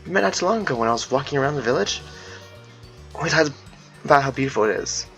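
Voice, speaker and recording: A man voicing a big, friendly furry man with an attempted British accent, calm and kindly reassuring. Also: a little high, quick pace, soft background music.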